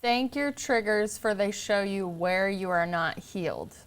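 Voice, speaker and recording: A woman in her thirties talks as a podcast guest in a relaxed, chatty way. She keeps stories moving with plenty of "like" and acts out what people said. Her voice sits in a middling pitch. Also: a little slow, smooth. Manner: chatty storyteller, acts out quotes, lots of "like". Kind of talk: casual conversational interview.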